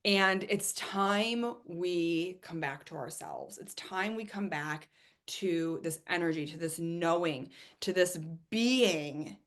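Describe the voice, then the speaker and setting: A woman from Ohio hosting a live webinar, talking in an enthusiastic, chatty way and often repeating herself. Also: lowish voice. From Ohio, USA. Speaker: webinar host and coach.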